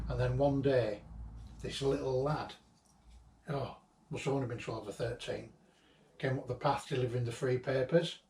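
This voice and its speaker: With a darkish, mid-range voice, a man reminisces about a friend who has died, telling loosely ordered stories with affectionate chuckles. He keeps a steady tone at normal speed. He's a vlogger recording in an old house being emptied, captured by a far-off mic in a roomy space with slight background noise.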